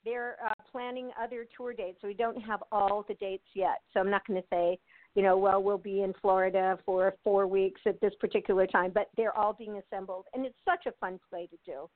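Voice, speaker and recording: A woman's voice: mid-range voice, steady tone, a little fast, dry recording. Chatty older woman on a phone line. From United States. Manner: chatty, laughs often, many fillers and restarts. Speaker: actress and interview guest. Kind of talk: casual interview chat. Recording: tinny phone line, dry.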